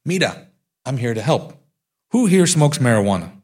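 A man's voice: mid-range voice, very animated, normal speed, darkish tone, husky. A man voicing a brash, swaggering big young tough guy who talks in cocky street slang. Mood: breezy.

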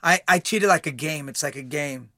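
A man guest in a casual conversation, talking in an animated way with many repeated words and restarts. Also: a little high, fairly quick, no room sound, clean studio sound.

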